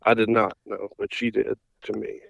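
A man in his thirties calling in to a podcast, answering in a halting, hesitant way. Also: on the low side, flat delivery, gravelly, a bit bright, no echo. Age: 30s. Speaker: caller. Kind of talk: phone-in interview.

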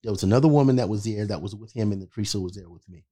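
A man's voice: on the low side, rapid-fire, mellow, slightly rough. A man co-hosting a podcast, telling a story in casual chat and stressing points with a repeated "okay?". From California. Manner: emphatic, repeats "okay?" for emphasis. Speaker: podcast co-host.

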